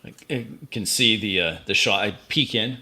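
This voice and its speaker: Low-voiced man with a bright edge. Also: moderate pace, slight background noise. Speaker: player. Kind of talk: tabletop role-play, describing his character's actions.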